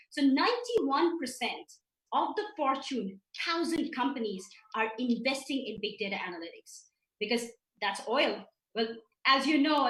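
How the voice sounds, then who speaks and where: A woman's voice: sits high, a bit bright, far from the mic. A woman giving an emphatic business presentation over a video call, walking through her slides. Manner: emphatic, with some restarts. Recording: roomy, from off the mic.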